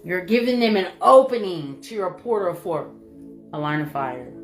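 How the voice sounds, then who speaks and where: A woman giving a spiritual reading in an emphatic, repetitive way, swinging between loud and soft. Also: on the low side, lively intonation, moderate pace. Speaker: spiritual reader. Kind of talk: spiritual channeling monologue. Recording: music playing behind.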